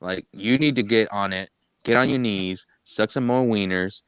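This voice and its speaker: A man's voice: fairly low pitch, moderate pace, fairly bright tone, clear, resonant tone, dry recording. A man in a casual live chat, joking crudely and playing at being bossy. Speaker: co-host of a live gossip chat.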